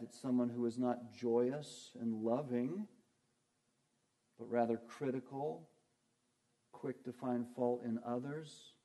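Pastor guy preaching, mellow warm tone, earnest, keeps asking the crowd questions then answers em. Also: medium pitch. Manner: earnest, asks and answers his own questions. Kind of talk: sermon.

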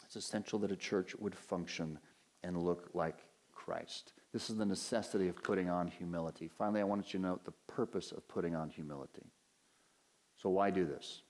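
A man's voice: low-pitched, fairly even intonation, brisk, a little mellow. A male pastor preaching a sermon from the pulpit, earnest and emphatic, with many rhetorical questions. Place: church sanctuary at a pulpit.

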